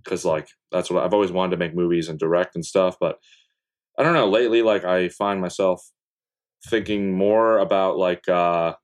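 A man's voice: low-pitched, normal speed. A young man, a content creator guesting on a podcast, talking in a laid-back, rambling way with casual swearing and lots of fillers. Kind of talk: casual interview chat.

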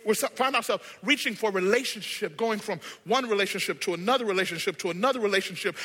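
A man preaching a sermon as pastor, animated, swinging between hushed lines and shouted ones. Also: high voice, long reverb tail.

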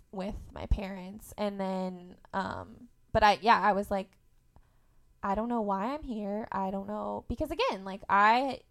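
Candid young woman telling her story. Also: medium pitch. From Indiana, US. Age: young adult. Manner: emotional, open, laughs through hard memories. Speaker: podcast guest.

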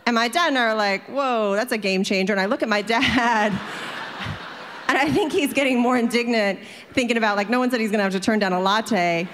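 A woman's voice: fairly high pitch, a little fast, big-room sound, background noise. A woman telling a personal story to an audience in a chatty way, filling it with "like" and acting out the people in it.

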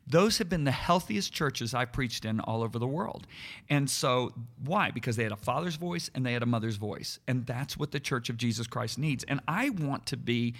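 A man's voice: medium pitch, expressive, moderate pace, fairly bright tone. A middle-aged man preaching earnestly in conversation, stressing words and repeating himself as he builds each point. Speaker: preacher and podcast co-host.

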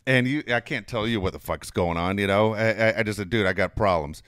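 A man's voice: on the low side, a little fast, fairly bright tone, clean tone, no room sound, studio quality. A middle-aged man telling a long personal story in casual chat, swearing freely and laughing often.

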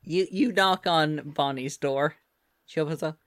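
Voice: medium pitch, unhurried, fairly bright tone. A game master narrating a tabletop game in a hesitant way, with many fillers.

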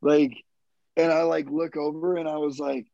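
A man's voice: on the high side, flat delivery, moderate pace, creaky, mellow, no room sound. A man in his thirties, a military veteran, telling his own story in a rambling, profane, casual way with plenty of fillers. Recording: dull lo-fi dry recording.

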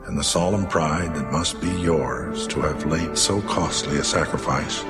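A grave general in a war movie, slow and measured, really deep. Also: male voice. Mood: solemn. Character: stern senior army general reading a solemn letter. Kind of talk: war film drama. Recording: film soundtrack with loud music under.

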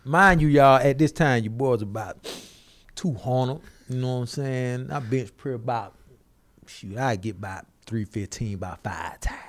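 A man casually telling a comedic story, animated and acting out the people in it. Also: medium pitch, measured pace. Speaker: storyteller on a podcast.

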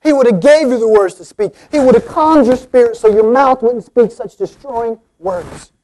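A man's voice: very high-pitched, normal speed, warm tone. A man preaching an earnest sermon, speaking directly to his listeners and rising to emphatic appeals.

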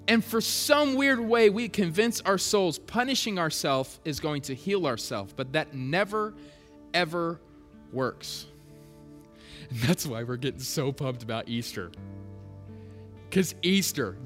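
A man preaching a sermon with passion, swinging between loud urgent stretches and hushed quiet ones. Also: high-pitched, animated, normal speed. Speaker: pastor. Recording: long hall reverb, soft music behind.

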